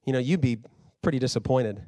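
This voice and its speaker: A man's voice: mid-range voice, a little fast, dark tone, no echo, clean studio sound. A man in his thirties preaching a sermon in a conversational way, rising to fired-up emphasis. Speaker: pastor.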